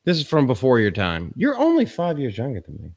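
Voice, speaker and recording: Man in his 30s, joking stream host, mid-pitched, teasing banter. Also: huge pitch swings, fairly quick, darkish tone. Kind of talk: casual joking chat.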